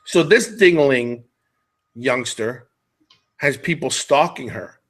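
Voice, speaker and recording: A middle-aged man hosts a podcast in a medium-pitched voice, taking his time. He chats casually and jokily, rambling and jumping from one tangent to the next.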